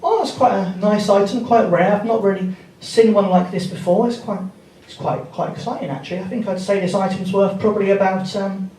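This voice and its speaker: On a theatre stage before a live audience, a man does laddish stand-up, swearing and laughing along with his own jokes. His high voice is fairly quick with fairly even intonation. A distant mic gives a roomy theatre sound, with the audience's laughter coming through loudly.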